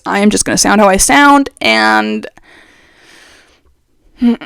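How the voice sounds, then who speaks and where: A young adult trans man chatting casually as a vlogger, rambling and expressive, his voice going up and down, speaking very close to the mic. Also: sits high, gravelly, dry recording. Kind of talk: casual chat.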